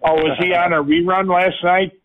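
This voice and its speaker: Rambling guy telling stories over the phone, kinda high voice, tinny line. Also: little pitch movement, moderate pace. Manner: chatty storyteller, rambling with fillers. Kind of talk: casual phone chat. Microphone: phone call.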